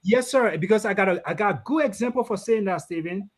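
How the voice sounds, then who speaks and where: A guest with a notably high voice for a man. He talks in anecdotes and restates his phrases as he goes. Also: expressive, fast talker. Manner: storytelling, repeats phrases. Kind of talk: casual discussion.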